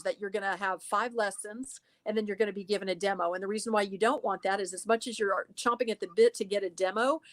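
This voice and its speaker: A woman, a voice-over actress, talking as a lively and emphatic interview guest over a video call. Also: medium pitch. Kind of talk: casual interview talk.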